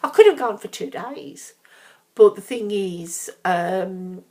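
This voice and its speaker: Taking her time, a middle-aged Brummie vlogger from Birmingham, England speaks in an expressive, slightly mellow medium-pitched voice. She's chatty and frank, rambling casually with frequent ums and asides.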